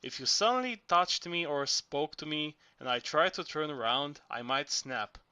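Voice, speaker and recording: A man voicing a gruff, blunt older Greek miner who barks and shouts. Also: on the high side, a little slow.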